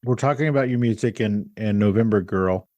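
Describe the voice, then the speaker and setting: A woman hosting a podcast, asking questions in a lively, curious way and laughing easily. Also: rumbling low, brisk, lo-fi sound, loud music behind the voice. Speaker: podcast host. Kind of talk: casual interview chat.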